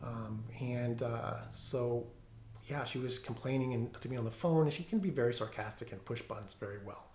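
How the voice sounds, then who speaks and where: A middle-aged police officer giving a personal testimony at home, talking haltingly with many fillers and restarts. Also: male voice, mid-range voice, a little mellow, echoey room, a little hiss or hum. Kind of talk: personal testimony, reading from notes. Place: room at home.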